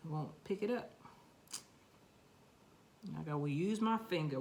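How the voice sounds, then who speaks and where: A woman's voice: deep voice, a little slow, pauses often, darkish tone. A woman with a New York accent, chatting to herself and her seeds while planting them in a casual gardening vlog. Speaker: gardening vlogger.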